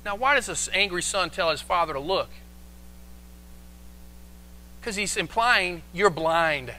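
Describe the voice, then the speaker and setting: High, bright-voiced preaching pastor. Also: male voice, a little fast. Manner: animated preaching, acts out quoted voices. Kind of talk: sermon. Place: church, live stream.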